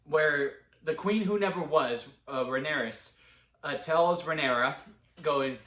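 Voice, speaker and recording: A man at home casually recapping a TV episode, rambling with quick restarts and bursts of laughter. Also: a little high, sharp tone, roomy sound, muffled recording. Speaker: TV episode reviewer. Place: at home with a dog.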